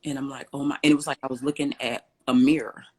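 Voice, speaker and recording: A woman guest in an interview, telling a personal story with lively, acted-out dialogue. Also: rumbling low, fast. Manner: animated storyteller, acts out quoted dialogue.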